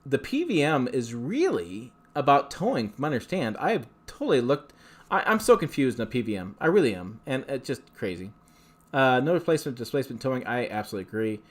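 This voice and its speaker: A man hosts a casual livestream, reading out viewer questions and answering in a rambling, chatty way full of fillers and restarts. He talks fast at a medium pitch with big pitch swings.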